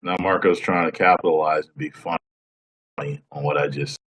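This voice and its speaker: A man's voice: very deep voice, steady tone, brisk, a bit bright. A man chatting casually with his live-stream viewers, reading their names and laughing often. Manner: laughs often, answers chat by name.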